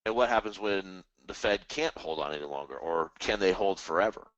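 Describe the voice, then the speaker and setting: Casual live-stream host, male, low voice, rambling and animated, dry close mic. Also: brisk, no echo, dull audio. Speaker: trading webinar host.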